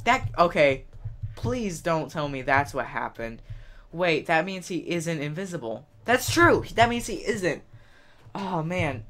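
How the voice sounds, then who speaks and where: A man's voice: a little high, a bit bright. Chatty young man narrating a game. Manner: chatty, exclaiming, thinks aloud. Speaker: let's play host. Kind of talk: gameplay commentary.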